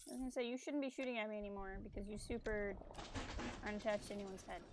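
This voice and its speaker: A woman's voice: medium pitch, very fast, noisy background. A woman streaming a video game, chatting casually and reacting aloud as she plays. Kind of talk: casual live-stream commentary.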